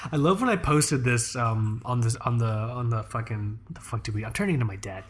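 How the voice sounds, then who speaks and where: A man's voice: mid-range voice, lively intonation, moderate pace. Rambling, swearing man chatting casually. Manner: rambling, profane, lots of fillers and restarts. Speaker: podcast co-host. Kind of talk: casual chat.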